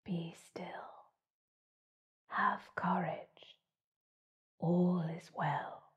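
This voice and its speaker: A woman voicing the moon as a sweet, calm female spirit in a storybook, in whispered role-play. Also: on the low side, very slow, roomy sound, dull audio. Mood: serene.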